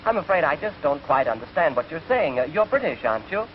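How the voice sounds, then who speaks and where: A man's voice: fairly high pitch, big pitch swings, fast talker. A man voicing a courteous, puzzled restaurant waiter who speaks deferentially and formally. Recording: dull hissy 1940s film sound.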